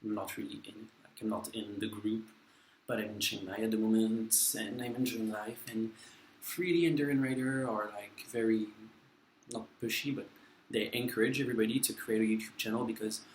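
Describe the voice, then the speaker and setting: This twenty-something vlogger, a non-native English speaker, talks in a lowish voice while eating on camera for his mukbang, joking at his own expense and filling gaps with plenty of "um"s and "like"s. A little hiss or hum sits under the recording, which was made in an echoey room with faint ambience.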